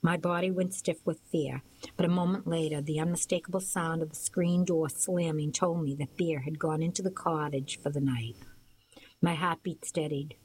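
A woman narrating a first-person novel as an audiobook, in a steady storytelling manner. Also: sits low, normal speed, a little hiss or hum, low-quality recording.

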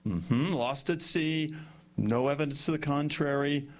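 An actor playing an irritable, impatient judge who mutters and snaps at everyone in the courtroom, in 1960s film comedy style. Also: male voice, fairly high pitch, measured pace, a little hiss or hum, close to an everyday voice. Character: testy fussy male judge, middle-aged.

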